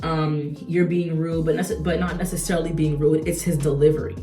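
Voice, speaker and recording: A woman's voice: sits low, a little fast, reverberant, recorded from a distance, faint music behind. A young adult woman talking casually while she does her makeup, chatty and slangy with lots of rhetorical asides. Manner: slangy and animated. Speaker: beauty vlogger.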